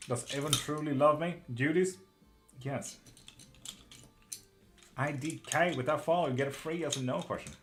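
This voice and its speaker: A man's voice: a little high, moderate pace, long pauses, over music. A man from Sweden reading tarot on a live stream, answering viewers' questions in a loose, casual way, swearing now and then. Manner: swears casually, laughs often. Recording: clear background noise with keyboard clicks.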